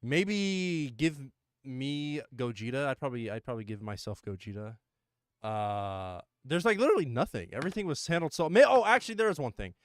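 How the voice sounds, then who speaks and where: A man's voice: mid-range voice, animated, a little fast, no room sound. A man hosting a livestream, chatting casually and animatedly about a mobile game, swearing and laughing often. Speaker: livestream host. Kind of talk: casual gaming chat.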